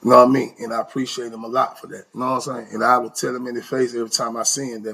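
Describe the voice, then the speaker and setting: Raspy, gravelly man telling stories. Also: medium pitch, racing. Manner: animated, slangy, voice leaps up for emphasis. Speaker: storyteller recounting prison life. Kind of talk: casual storytelling.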